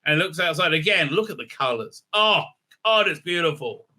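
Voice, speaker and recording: A man's voice: fairly high pitch, lively intonation, normal speed, sharp tone. A man hosting a casual film recap and review, irreverent and joking, full of "uh, uh" fillers and swearing. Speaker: film reviewer, channel host.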